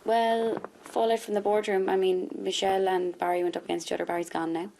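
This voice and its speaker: A woman's voice: medium pitch, level tone, a little fast, gravelly, warm tone, slight background noise, low-quality recording. A young woman on a reality show, thinking aloud in casual chat.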